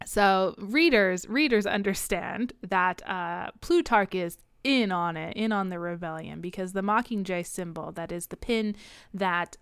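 A woman's voice: medium pitch, a bit bright, clear, resonant tone, no echo, studio quality. A woman co-hosting a podcast, chatting casually about a novel, often laughing and briefly mimicking characters. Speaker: podcast co-host. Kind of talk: casual book-club chat.

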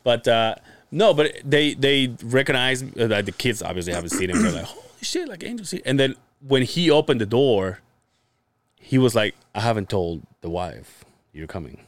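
A man's voice: mid-range voice, animated, normal speed, no room sound. A man hosting a podcast, telling a long rambling story in casual chat, swearing freely and full of fillers. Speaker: podcast host.

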